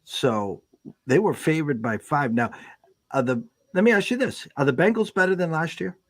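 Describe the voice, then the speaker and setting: A man's voice: a little high, animated, normal speed, dry recording. A man co-hosting a sports betting show, talking casually and building his point step by step.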